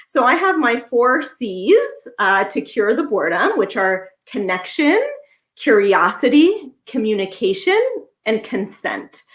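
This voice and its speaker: A woman's voice: a little high, very animated, measured pace, fairly bright tone. A woman therapist giving an educational talk, going through her points one by one in a conversational way. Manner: conversational, lists points step by step. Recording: echoey room.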